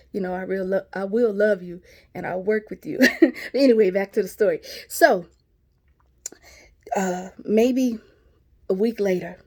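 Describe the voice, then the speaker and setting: A woman's voice: medium pitch, darkish tone. A woman, casually telling her viewers a story, chatty and laughing as she talks. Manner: chatty, laughing, addresses viewers as y'all and sis. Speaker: vlogger.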